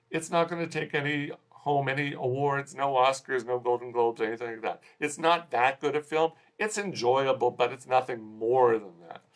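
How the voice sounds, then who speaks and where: A man with a medium-pitched voice talks through a film review in a loose, unscripted way. He often restarts his sentences and scatters fillers through his thoughts as he goes. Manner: rambling, frequent restarts and fillers. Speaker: film critic. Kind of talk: casual spoken movie review. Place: Hong Kong.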